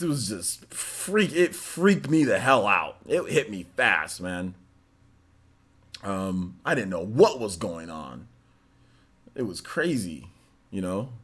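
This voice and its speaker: A man's voice: mid-range voice, breathy edge. A man in his thirties hosting a gaming show, chatting casually and animatedly and laughing often. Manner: animated, laughs often, drawn-out filler words. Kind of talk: casual streamed chat.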